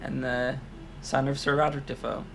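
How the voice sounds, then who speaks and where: A young man playing a game with a friend, easygoing and quick to laugh, chatting casually. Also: medium pitch, flat delivery, vocal fry, faint music behind. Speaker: game player. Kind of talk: casual let's-play chat.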